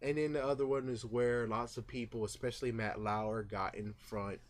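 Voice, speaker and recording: Man, casual movie reaction vlog, rambling, lots of fillers, mid-pitched voice, excitable retelling. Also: normal speed. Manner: rambling, full of fillers and asides; gets excited and louder when retelling scenes. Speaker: vlogger.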